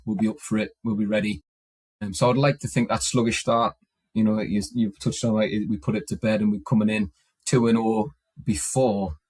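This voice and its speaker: A man co-hosting a sports podcast over a video call, talking haltingly with many restarts. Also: fairly low pitch, breathy edge, dry recording. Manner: hesitant, lots of restarts. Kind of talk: casual sports chat.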